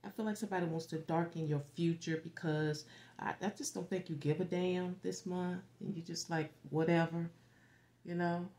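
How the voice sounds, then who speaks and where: A woman with a fairly low voice reads tarot cards for her viewers in a loose, rambling way. She swears freely and slips into whispers as she senses the reading, then picks back up. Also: moderate pace. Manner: rambling, animated, swears freely, acts out quoted reactions. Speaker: tarot reader. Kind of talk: casual tarot forecast.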